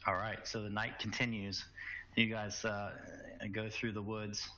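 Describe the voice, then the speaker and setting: A man's voice: fairly low pitch, flat delivery, measured pace, sharp tone. A man narrating as game master in a tabletop game, casual and loose with fillers. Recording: muffled lo-fi recording.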